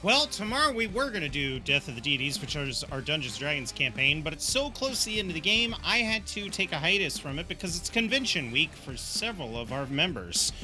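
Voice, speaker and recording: A man's voice: a little high, very animated, a little fast, few pauses, music in the background. A man hosting a casual podcast, upbeat as he runs through the week's schedule and brings in the next topic. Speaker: podcast host. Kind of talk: casual podcast chat and announcements.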